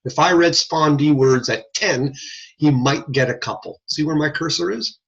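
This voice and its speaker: A man's voice: a little high, moderate pace. A man lecturing informally on audiology from his computer, repeating points and checking in with frequent "okay?". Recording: slightly husky voice, dull lo-fi audio.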